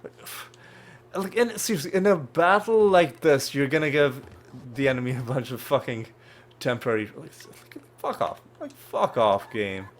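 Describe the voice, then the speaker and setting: A man's voice: mid-range voice, moderate pace, a little hiss or hum. A man hosting a let's play, giving gameplay commentary in swearing, frustrated rants full of stammered restarts, with game music behind him.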